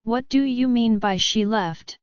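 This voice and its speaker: A concerned, protective brother talks with earnest urgency, voiced by a woman reading the story. The delivery is slow and very smooth. The sound is dry and slightly dull. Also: on the high side, no room sound, natural voice.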